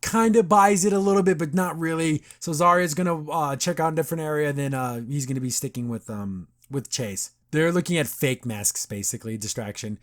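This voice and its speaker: A young man hosts a casual podcast and recaps a cartoon episode with plenty of excitement. His voice sits a little high for a man. He slips into the characters' lines as he talks through each scene. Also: brisk, few pauses. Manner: enthusiastic, chatty, acts out characters' lines in quotes.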